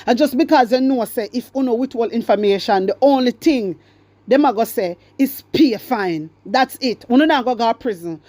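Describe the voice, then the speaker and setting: A woman's voice: on the high side, moderate pace, warm tone, dry recording. A middle-aged Jamaican woman hosting a political commentary show, ranting with fiery, repetitive questions aimed straight at her listeners.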